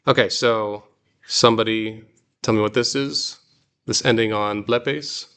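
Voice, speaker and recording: A man's voice: fairly low pitch, steady tone, a little slow, fairly bright tone, smooth. A man teaching a Greek reading class, explaining patiently with examples. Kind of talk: classroom lesson.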